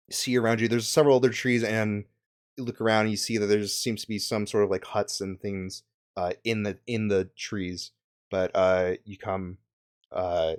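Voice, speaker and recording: Young male game master, low voice, slow and halting, full of ums and restarts. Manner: hesitant, many fillers and restarts. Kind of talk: narrating a tabletop game.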